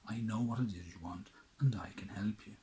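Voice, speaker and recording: A man's voice: on the low side, brisk, background noise, natural voice. A man voicing a kindly old witch. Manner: calm and instructive.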